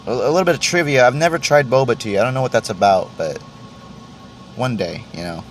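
A man's voice: mid-range voice, fairly quick, a little hiss or hum. Rambling, swearing podcast man. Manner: rambling, self-deprecating, swears often, many restarts. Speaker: podcast host. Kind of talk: casual solo podcast rant.

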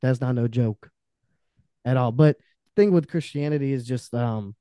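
A young man, a podcast guest, telling candid personal stories with intensity, swearing freely and swinging between loud outbursts and quiet trailing-off. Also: medium pitch, normal speed, clear, resonant tone, dry recording. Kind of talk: candid personal storytelling in conversation.

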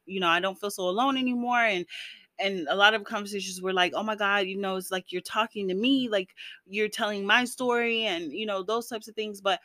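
A woman vlogger with a mid-range, bright, forceful voice speaks earnestly and encouragingly to her viewers, sprinkling in lots of "you know." She gets emotional and laughs mid-sentence. The recording has no room sound.

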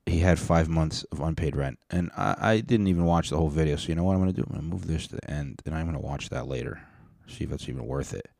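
A man's voice: a bass voice, fast, vocal fry, darkish tone, no room sound, clean studio sound. A man hosting a reaction video, giving casual, blunt and profane commentary with sarcastic asides.

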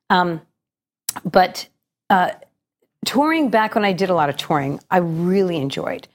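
A middle-aged woman who works as a stage actress and cabaret singer, a guest on a radio show. Her fairly low voice carries a slight gravel today, and she talks in a chatty, reflective way, often starting sentences over. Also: lively intonation, unhurried, pauses often. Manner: chatty, reflective storytelling with frequent restarts. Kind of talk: radio interview.

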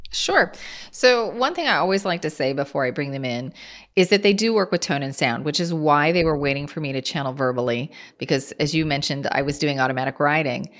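Low-voiced woman, earnest. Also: expressive, a little fast, a bit bright. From Kansas, USA. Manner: earnest, explanatory, with small restarts. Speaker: guest, channeler. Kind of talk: casual interview talk.

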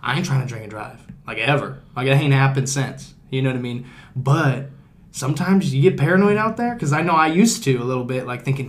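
A man's voice: mid-range voice, quick pace. Profane, rambling podcast host guy. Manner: acts out cops and others in quoted voices. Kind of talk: casual chat.

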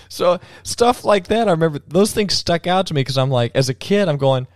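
A man's voice: on the high side, dry recording, studio quality. A man hosting a casual podcast chat, rambling with many restarts and frequent laughter. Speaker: podcast host.

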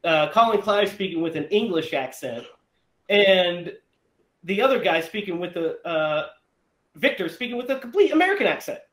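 A man with a high, lively voice chats about an old movie, animated and often laughing as he walks through the plot. His voice rings in an echoey room. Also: moderate pace. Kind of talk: casual movie discussion.

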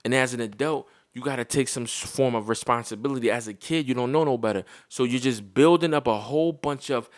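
A man's voice: mid-range voice, fairly quick, hardly any pauses, no room sound, studio quality. A man and parent giving a blunt, heated, profane opinion monologue to his viewers.

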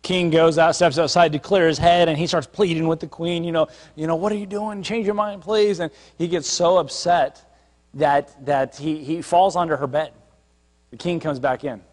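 Brief: pastor at the pulpit, talky and storytelling, lightly raised voice, echoing sanctuary. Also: male voice, on the high side, fairly even intonation, normal speed, darkish tone. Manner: conversational preaching, retelling scripture with acted asides. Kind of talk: sermon.

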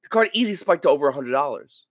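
A man hosting a casual podcast monologue, talking in an animated way and acting out the people he quotes. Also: on the high side, fast, no echo. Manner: animated, acts out quoted viewers. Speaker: podcast host.

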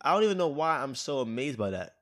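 A man's voice: mid-range voice, fast. A man in casual chat, joking and reacting with lots of slang. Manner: animated, joking, profane slang.

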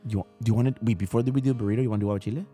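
A man's voice: on the low side, racing, soft background music. A man hosting a casual podcast chat, joking and swearing freely. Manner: profane, joking, animated. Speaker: podcast host.

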